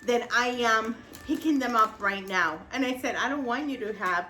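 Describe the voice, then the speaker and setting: A middle-aged woman with a bright, slightly raised voice tells a family story to her viewers. She laughs through her words and acts out both sides of the exchange. Her tone stays crisp and lively throughout. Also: fairly high pitch, normal speed, slight background noise. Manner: laughs often while telling the story. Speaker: vlogger. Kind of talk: casual storytelling.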